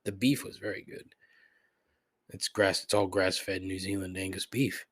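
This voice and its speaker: A man's voice: deep voice, fairly even intonation, measured pace, husky. A man hosting a podcast, telling stories in a casual, profane, sardonic rant. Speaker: podcast host.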